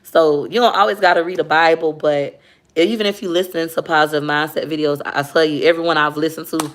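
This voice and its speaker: A woman's voice: low voice, fairly quick. A young woman, chatting candidly with viewers on a casual livestream and reading their comments. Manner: chatty, candid, animated when retelling.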